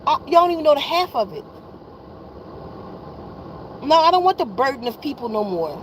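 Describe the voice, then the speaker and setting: A woman's voice: high-pitched, big pitch swings, moderate pace, a little hiss or hum, low-quality recording. A woman in her fifties venting to her viewers, tired and exasperated, blunt and profane, often repeating herself. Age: 50s. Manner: weary and exasperated. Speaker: wellness vlogger.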